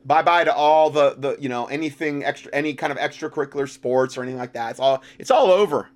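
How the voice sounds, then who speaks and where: A man giving sarcastic commentary while reading documents, mocking the text and rising to loud outbursts. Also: medium pitch, fast. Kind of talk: sarcastic commentary with read-out passages.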